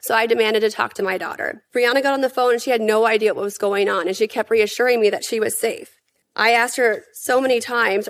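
A woman giving prepared testimony at a hearing, in an earnest, emphatic and measured way. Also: a little high.

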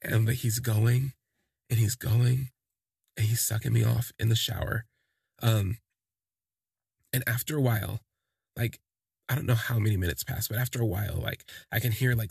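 A man's voice: mid-range voice, gravelly, darkish tone, slightly rough, no room sound, studio quality. A man telling a first-person story in a casual, rambling way, full of "like" and "you know". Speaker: podcast storyteller.

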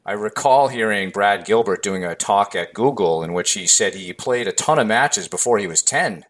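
A man hosting a podcast interview, agreeing with his guest and adding his thoughts in a measured way. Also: on the low side, lively intonation, fairly bright tone. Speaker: podcast host.

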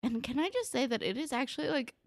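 Recapping a TV episode as a podcast co-host, this young New Jersey woman chats casually, throwing in plenty of "like" and "um" and rapid side comments. Her high voice is expressive and creaky, with studio-quality sound and no room tone.

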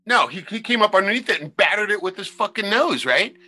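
A man, a former crab fisherman, telling wild sea stories in a loose, profane, animated way on a podcast. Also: high voice, brisk. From Alaska. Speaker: podcast guest. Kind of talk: casual storytelling.

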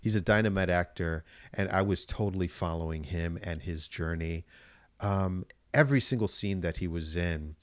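A man chatting casually about a TV show, animated, acting out his reactions and swearing freely. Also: low voice, moderate pace, no echo, studio quality. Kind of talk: casual review chat.

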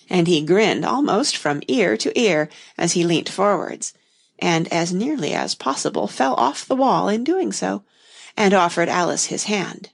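A woman narrating a storybook in an expressive audiobook reading. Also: fairly low pitch, moderate pace, gravelly, husky.

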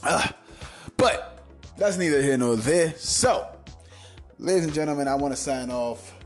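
A man's voice: on the high side, measured pace, faint music behind. Profane, rambling podcast storyteller man. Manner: profane, rambling, swings from mumbling to loud outbursts. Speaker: podcast host. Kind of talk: casual storytelling podcast monologue.

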